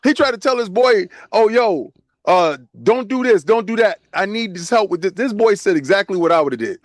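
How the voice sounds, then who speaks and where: A man's voice: high-pitched, animated, normal speed, no room sound. A man co-hosting a podcast who hammers his point home by repeating it. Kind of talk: casual podcast chat.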